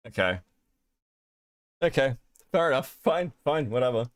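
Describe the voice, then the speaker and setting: Sweary man ranting, lively pitch. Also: no room sound, studio quality. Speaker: podcast host. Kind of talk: casual drama commentary.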